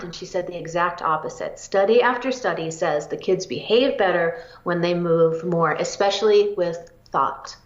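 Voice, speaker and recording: A woman psychologist answering interview questions with eager energy and quick bursts of speech. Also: on the low side. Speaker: psychologist guest. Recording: roomy, dull lo-fi audio.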